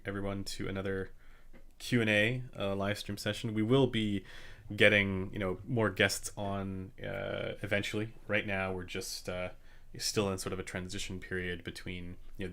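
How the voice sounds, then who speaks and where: A man hosting a casual live-stream Q&A about headphones, speaking in a relaxed, rambling way with many fillers and restarts into a slightly quiet condenser microphone. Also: sits low, gravelly. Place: home room during a studio move. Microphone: studio condenser microphone, a bit quiet.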